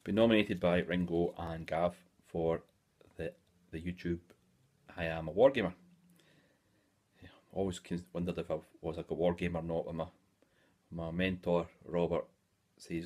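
A man's voice: low voice, flat delivery, moderate pace, long pauses, a little mellow. A Scottish man in his forties chatting casually in a hobby vlog, rambling along with lots of "eh" fillers. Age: 40s. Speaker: hobby YouTuber.

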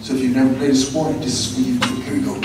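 A man from Los Angeles giving a motivational school-assembly talk, telling his story and calling out for the crowd to answer back, from hushed to shouting. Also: mid-range voice, flat delivery, rapid-fire, background noise. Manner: storytelling, call-and-response with the audience, swings from hushed to shouting. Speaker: motivational speaker. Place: school gym or auditorium. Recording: echoey hall, voice from far off.

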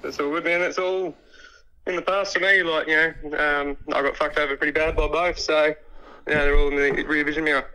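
A man, calm and easygoing on a phone call. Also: a little high, fairly quick. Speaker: prank call target. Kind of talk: phone conversation.

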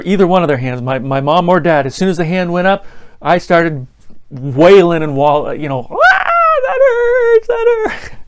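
A man with a high, light voice preaching a sermon. He keeps it conversational, laughing now and then and acting out the people in his stories. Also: darkish tone. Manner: conversational, with laughter and acted-out anecdotes.

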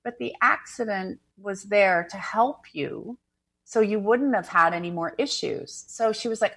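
A woman hosts a spiritual call-in radio show, teaching listeners in a lively, conversational way. She moves between plain explanation and playful impressions of the people she quotes, at a middle pitch. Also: measured pace, husky. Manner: animated, acts out quoted voices, laughs easily.

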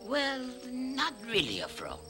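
An actor playing a wisecracking talking frog who talks with a bad put-on Italian accent, heard as film audio with music behind. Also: male voice, very high voice, huge pitch swings, takes it slowly, vocal fry, heavily acted. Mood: teasing.

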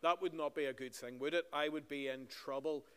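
During a service in a large, echoing church, a Northern Irish pastor tells the children a friendly story and asks them questions. He speaks fairly quickly in a smooth, steady voice with a fairly high pitch, and the hall reverb is long.

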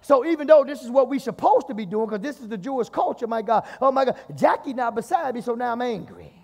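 A man's voice: extremely high pitch, lively intonation, fast talker, gravelly, long reverb tail. A man with a Southern US accent preaching a sermon as pastor in a church, repeating "my God" and calling on the congregation. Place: church sanctuary.

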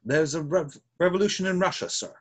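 A man's voice: a little high, brisk, lightly acted. A man reading as a stiff, formal butler. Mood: deferential. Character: deferential male manservant, formal and dry. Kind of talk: play reading over video call. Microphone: video call.

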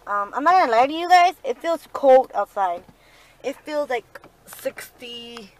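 Chatty young mom vlogging at home. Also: female voice, high voice, very animated, a little slow, very noisy. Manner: chatty, switches between English and Spanish. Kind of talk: casual home vlog. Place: home and outdoors in the rain.

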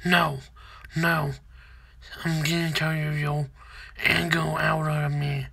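A woman hosting her own channel in casual video chat, talking in halting, stop-start phrases. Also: sits low, level tone, vocal fry, fairly bright tone, slightly rough. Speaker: channel host.

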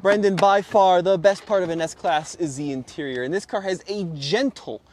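A high-voiced man presents an old luxury car outdoors with a wry, sarcastic showman's delivery. He talks casually to his co-host as he points out features. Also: moderate pace, a little hiss or hum. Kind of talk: casual car review chat.

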